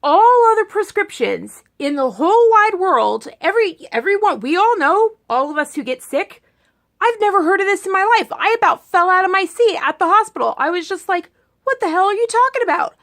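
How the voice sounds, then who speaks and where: A woman's voice: very high voice, big pitch swings, normal speed, fairly bright tone. A woman ranting casually in a political vlog, chatty and sarcastic, rambling with many restarts. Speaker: political vlogger.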